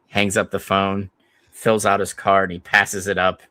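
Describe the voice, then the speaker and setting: A man co-hosting a podcast, telling stories in a lively, profane, casual way. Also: sits low, moderate pace, dry recording, clean studio sound. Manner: animated, profane storytelling. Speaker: podcast co-host. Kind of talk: casual chat.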